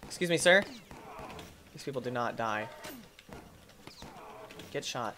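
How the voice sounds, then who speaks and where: A man hosting a gaming channel, giving playful, excitable let's-play commentary and talking back to the enemies on screen. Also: medium pitch, slow, pauses often.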